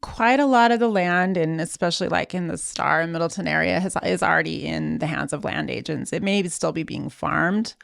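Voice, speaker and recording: A woman candidate answers interview questions in a low, gravelly voice. She speaks in a measured, practical way and pauses to think aloud. The sound is dry and close, with no room echo. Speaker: political candidate, interview guest.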